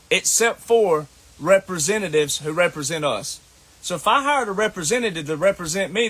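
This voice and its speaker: A man's voice: high voice, sharp tone. A man with a Southern US accent delivering a scolding, combative monologue as an online commentator, repeating his points. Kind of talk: ranting monologue to camera.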